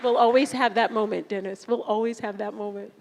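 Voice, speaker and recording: A woman's voice: medium pitch, steady tone, a little fast, vocal fry, crowd noise, background noise. A young woman teacher giving an emotional, fond farewell speech to her graduating students, holding back tears and laughing between lines. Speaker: orchestra teacher. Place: large concert hall. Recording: echoey hall reverb.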